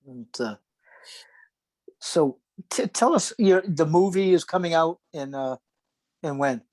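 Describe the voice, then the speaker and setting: An interview moderator on a video call, asking casual questions in a halting way with many fillers. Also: mid-range voice, darkish tone, dry recording.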